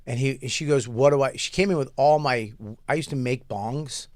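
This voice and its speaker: A man's voice: mid-range voice, normal speed, no echo, studio quality. A middle-aged man telling a loose, profane story in casual chat as podcast co-host, with many restarts.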